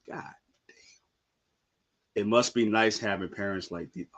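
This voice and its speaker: A young man on a live reaction stream, talking in slang and breaking into shouted outbursts. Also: fairly low pitch, a little slow, long pauses. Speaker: streamer reacting to a manga chapter.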